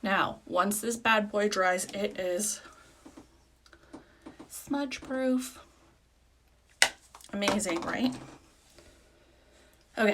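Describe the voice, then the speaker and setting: A woman's voice: medium pitch, a bit bright, a little hiss or hum. A woman giving a casual live makeup tutorial as a beauty product consultant, chatty, rambling and self-deprecating.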